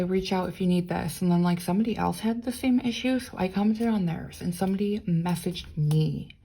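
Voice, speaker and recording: A young woman vlogger tells a long story in an exasperated, chatty way, slipping into quick impressions of other people. Her voice sits low and has a gravelly, mellow texture. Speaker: planner vlogger. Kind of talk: casual storytelling vlog.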